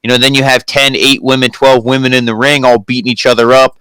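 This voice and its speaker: Man, smooth voice, dry close sound, casual rambling chat, co-host. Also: mid-range voice, flat delivery, fast, fairly bright tone, no echo. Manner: rambling, frequent "you know" fillers. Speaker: co-host of a wrestling review show.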